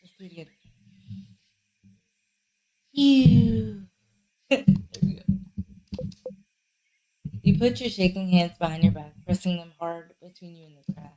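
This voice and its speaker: A woman's voice: mid-range voice, fairly even intonation, a little slow, pauses often, mellow, low-quality recording. A woman playing a story game, reading its second-person narration aloud dramatically, with short asides of her own. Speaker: let's player.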